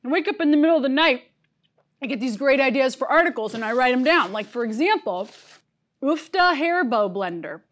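A woman in a comedy sketch playing an upbeat, scatterbrained worker who is quickly distracted, talking in a chirpy, scattered way. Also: high-pitched, animated.

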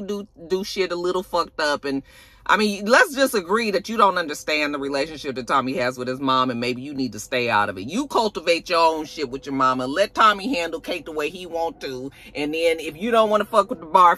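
A young adult woman recapping a TV episode in a sassy, animated, casual way, acting out the characters' lines. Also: fairly low pitch. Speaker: TV show reviewer.

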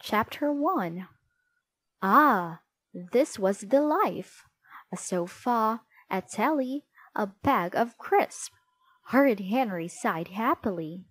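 A woman reading a children's storybook aloud in an expressive, clear way. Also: mid-range voice, slow pace, no room sound. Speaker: storybook reader. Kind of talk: children's book read-aloud.

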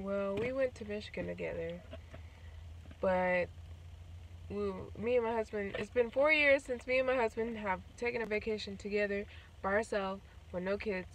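A woman's voice: medium pitch, far from the mic. A tipsy woman chatting in a rambling way in a casual vlog. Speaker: vlogger. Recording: noisy background.

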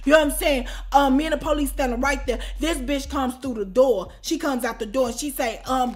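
A woman vlogger telling a story in a casual, animated way, swearing often and quick to shout. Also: sits high.

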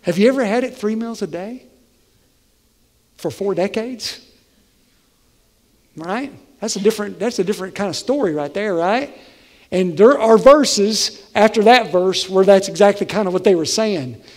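A male pastor preaching a conversational, animated sermon in a church sanctuary. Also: sits high, normal speed, pauses often. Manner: conversational, animated, acts out voices. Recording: long hall reverb.

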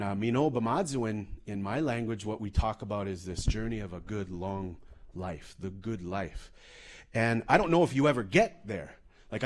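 A man from Canada, a comedian giving a comedic storytelling talk in a loose, profane, animated way. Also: lowish voice. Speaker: comedian and speaker.

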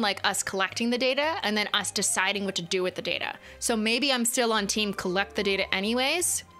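A woman's voice: medium pitch, pushed and bright. A woman hosting a casual livestream, chatting with viewers and thinking aloud with lots of "like"s. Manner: thinks aloud, chatty, many filler likes. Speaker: livestream host.

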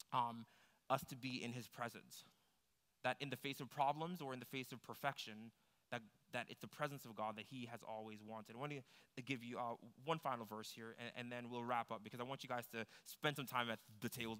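A man's voice: a little high, bright, forceful tone. A man preaching a sermon in a conversational way, climbing to emphatic, pressing peaks. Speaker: pastor. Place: church hall. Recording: long hall reverb.

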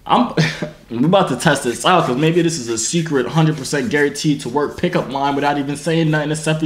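A man's voice: on the high side, fairly quick. A male YouTuber talking casually to his viewers, full of slang and "you feel me". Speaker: YouTuber host. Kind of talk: casual vlog talk to camera. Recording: roomy echoey room.

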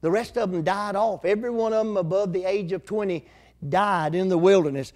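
Older male preacher, high voice, homespun conversational sermon delivery. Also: brisk, darkish tone. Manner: folksy, conversational preaching with rural grammar.

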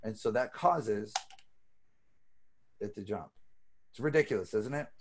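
A man lecturing on magic over a video call, telling stories in a casual, animated way and swearing freely. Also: lowish voice, measured pace, a little hiss or hum.

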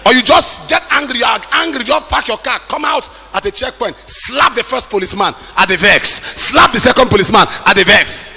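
A middle-aged man preaching a sermon with emphatic delivery, at times shouting and acting out the people he quotes. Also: extremely high pitch, brisk, creaky, few pauses.

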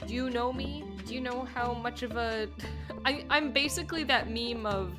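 A female gaming streamer with a voice on the high side talks at a moderate pace. Over game music, she chats playfully during play, rambling and giggling often.

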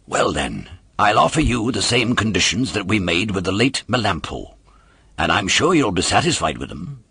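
A crafty storybook polecat who bargains in a low, wheedling murmur, put on by a male reader. His voice is husky and dry, with a lively rise and fall as he talks. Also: moderate pace, no room sound, exaggerated voice. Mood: sly coaxing. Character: sly greedy male polecat, smooth-talking.

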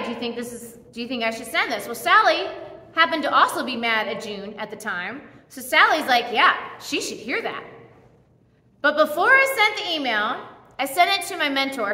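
Chatty high-voiced woman preaching in a hall. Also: bright, forceful tone. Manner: chatty storytelling with acted quotes. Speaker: church speaker. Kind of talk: conversational sermon. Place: church hall. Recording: roomy hall reverb.

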